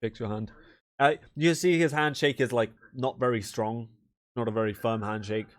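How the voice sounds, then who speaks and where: A man's voice: medium pitch, moderate pace. A man narrating a tabletop game as game master, in a rambling, casual way full of fillers.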